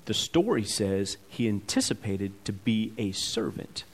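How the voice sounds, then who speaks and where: A man preaching a sermon who asks the congregation questions, swings between loud emphatic peaks and quiet asides, and acts out the characters' words as he reads. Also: lowish voice, animated, measured pace, husky. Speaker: pastor.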